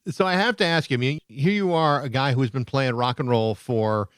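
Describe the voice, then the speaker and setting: Quick-talking male host, dry sound. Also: medium pitch, clear, resonant tone, no echo. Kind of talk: interview questions.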